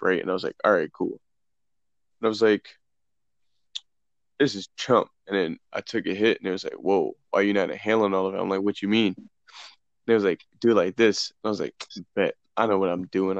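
A man's voice: low-pitched, dry recording. A young man casually telling a profane story among friends, acting out the dialogue. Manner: loose, profane, animated retelling with quoted dialogue. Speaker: podcast co-host. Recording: dull, dry lo-fi sound.

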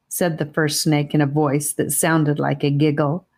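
A woman reading an audiobook chapter aloud in a steady, expressive way. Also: sits low, a little slow, few pauses. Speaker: audiobook reader. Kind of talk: audiobook narration.

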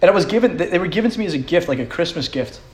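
A man's voice: sits high, animated, racing. A young man hosting a solo podcast, rambling in a profane, self-mocking way and laughing often. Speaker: podcast host.

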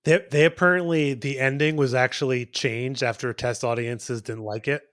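A man's voice: medium pitch, fairly even intonation, moderate pace, a bit bright, no room sound, clean studio sound. A man co-hosting a podcast, talking in a rambling, loose way with many restarts. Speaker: podcast co-host. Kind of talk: casual chat.

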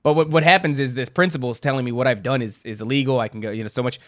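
A man's voice: mid-range voice, very fast, no echo, studio quality. Crude, rambling male podcast host. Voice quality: small, shrieky voice. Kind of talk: casual chat.

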